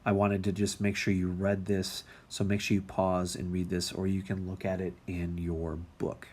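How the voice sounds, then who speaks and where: A man's voice: deep voice, monotone, moderate pace, darkish tone, a little hiss or hum. A man teaching music theory in a recorded lecture, talking casually with many ums and restarts.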